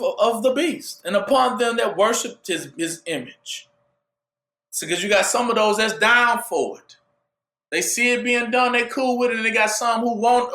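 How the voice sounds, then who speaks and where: Man, preacher, call-and-response sermon, high voice, ringing room echo. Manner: asks "what?" for the audience to fill in; rising to shouts at peaks.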